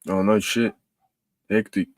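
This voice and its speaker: A man's voice: lowish voice, little pitch movement, unhurried. A man in casual livestream chat, asking blunt questions and reacting briefly with swearing.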